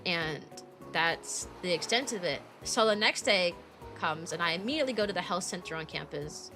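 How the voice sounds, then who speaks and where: A woman in her twenties tells a story on her stream in a casual, rambling way, packed with fillers. She sounds indignant as she retells it, with music playing clearly behind her. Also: lowish voice, animated, normal speed. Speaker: VTuber streamer.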